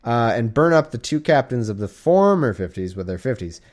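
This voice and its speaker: At home in a warm room, a sleepy, drowsy man reads the Bible aloud at a moderate pace, his mid-range voice sing-song and a little mellow. The reading is casual and irreverent, interrupted by jokes and exaggerated, mock-dramatic voices for the people he quotes.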